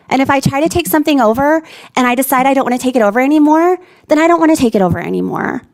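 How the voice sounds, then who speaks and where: A woman's voice: on the high side, darkish tone, no room sound, poor audio. A woman speaking as a parent on a conference panel, telling a personal story with emphatic, insistent repetition.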